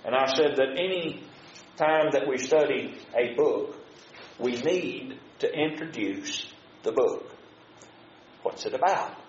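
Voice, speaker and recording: A man's voice: mid-range voice, slow, pauses often. A man teaching a Bible study in sermon style, earnest and folksy, asking the listeners questions and answering them himself. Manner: plain, folksy paraphrase of scripture. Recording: roomy, dull sound with faint noise.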